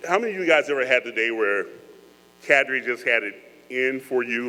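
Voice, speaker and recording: A man's voice: medium pitch, moderate pace, sharp tone. A man giving a joking, earnest speech to cadets, talking to them in a conversational way. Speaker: guest speaker. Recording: echoey hall with mains hum.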